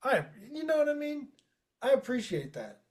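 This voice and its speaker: A man co-hosting a sports podcast who tells animated, profane stories in casual chat. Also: extremely high pitch, moderate pace. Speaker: podcast co-host.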